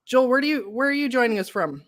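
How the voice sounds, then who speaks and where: A chatty middle-aged woman from Oregon hosts a relaxed live interview show. Her voice sits a little high, and her talk runs in loose, friendly sentences full of restarts. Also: fast. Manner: chatty, laughs often, frequent fillers and restarts. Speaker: podcast host. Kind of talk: casual live interview chat.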